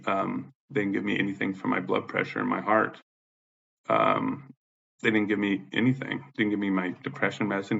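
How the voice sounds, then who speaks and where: Gravelly, profane man with a husky voice. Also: low-pitched, fairly bright tone, highs cut off. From United States. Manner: profane, rambling, agitated, re-enacts what he said in raised voice. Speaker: vlogger recounting an ordeal. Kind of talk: raw unscripted monologue to camera. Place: at home, indoors. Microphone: camera or phone facing him.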